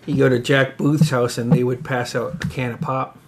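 A man's voice: medium pitch, little pitch movement, normal speed, noisy background. A middle-aged man co-hosting a casual chat, telling stories with lots of laughter and cursing. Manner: swearing, laughing storyteller, acts out quotes. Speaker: podcast co-host.

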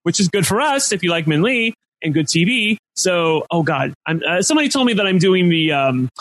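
A man's voice: high-pitched, lively intonation, fairly quick, fairly bright tone, no room sound, rough recording. A man hosting a casual podcast discussion. He talks with upspeak and fills his talk with "like". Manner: upspeak, rising at sentence ends; chatty, leans on filler "like". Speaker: podcast host.

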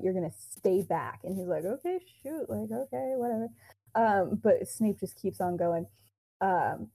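A woman's voice: medium pitch, warm tone, husky, rough recording. A young woman co-hosting a podcast, casually retelling a fan-fiction story with quoted dialogue, lots of fillers and giggles.

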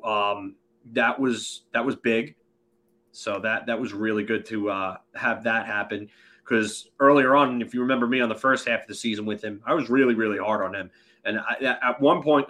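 A man's voice: mid-range voice, sharp tone. A man co-hosting a hockey podcast, giving opinionated takes and fumbling over words now and then. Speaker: co-host, hockey analyst. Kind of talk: casual sports chat.

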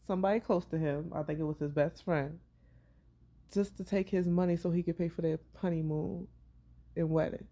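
A woman co-hosting a podcast in casual chat, laid-back and quick to laugh. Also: fairly low pitch, steady tone, warm tone. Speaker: podcast co-host.

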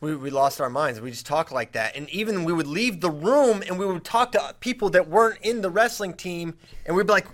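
Lively storytelling host, slightly high voice. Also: male voice, a little fast, hardly any pauses. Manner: lively storyteller, restarts a lot. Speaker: podcast host. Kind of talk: casual chat and storytelling.

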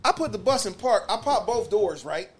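A man with a Detroit accent, a former bus driver hosting a podcast, telling wild stories in a loud, profane, animated way that drops to mutters. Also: high-pitched, normal speed, slightly rough. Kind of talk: casual storytelling chat.

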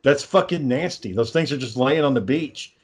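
A man's voice: medium pitch, moderate pace, husky. A man ranting sarcastically and swearing constantly in a casual conversation. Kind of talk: casual profane chat.

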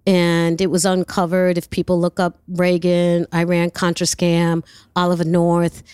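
A woman from New York, a guest telling a long, animated story in an interview and acting out the voices in it, swearing freely. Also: on the low side, a little slow, clear, resonant tone, no room sound, clean studio sound. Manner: lively, acts out voices in her anecdotes, swears freely.

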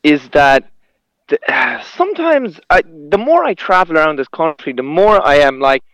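A man's voice: fairly high pitch, very animated, moderate pace, fairly bright tone, no echo, rough recording. A man, a stand-up comedian chatting casually, rambling through stories with restarts and laughter. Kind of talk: casual conversation.

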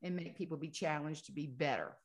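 A woman with a Southern American drawl and a slightly low voice, talking as a guest author in an interview. She tells folksy stories with plenty of animation and often laughs her way through the punchlines. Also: fairly quick. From Southern United States. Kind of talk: casual storytelling interview.

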